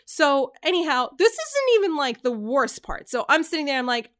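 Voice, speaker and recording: Animated woman from Canada, higher voice. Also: brisk, few pauses. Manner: animated storyteller, acts out quoted lines. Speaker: podcast host. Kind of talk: casual storytelling chat.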